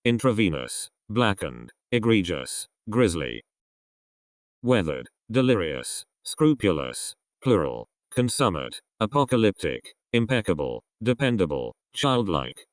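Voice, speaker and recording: A man's voice: deep voice, no echo, clean studio sound. A man reading out an English vocabulary list word by word, each word spoken on its own with a falling list tone. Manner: reads isolated words with falling list intonation. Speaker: vocabulary reader.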